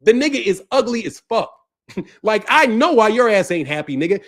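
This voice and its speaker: A man's voice: high voice, big pitch swings, a little fast, a bit bright. A man hosting his boxing channel, ranting in a profane, mocking way and laughing often. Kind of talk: ranting commentary.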